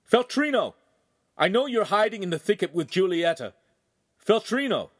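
An anxious young male apprentice, earnest and urgent, his voice raised and lively, as a man plays him in an audiobook. He sounds close and dry. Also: a little high, normal speed, dry recording, voice pushed up. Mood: pleading shout.

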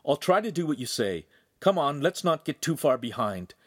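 A man's voice: a little high, big pitch swings, normal speed, fairly bright tone, dry recording, clean studio sound, pitched above the performer's own voice. A man voicing an anxious but brave young male apprentice who talks in an earnest, urgent way. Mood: tense.

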